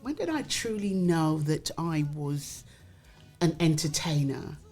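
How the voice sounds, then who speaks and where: A middle-aged woman from Britain, a comedian guest chatting casually and lively, acting out quoted voices as she tells stories. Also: low voice, takes it slowly, faint music behind. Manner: animated storyteller who acts out quoted voices. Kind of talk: casual chat.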